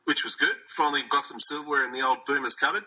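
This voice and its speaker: A man's voice: medium pitch, very fast, pushed and bright, poor audio. A man co-hosting a sports podcast, joking in casual banter and laughing often. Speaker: podcast co-host. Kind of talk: casual chat.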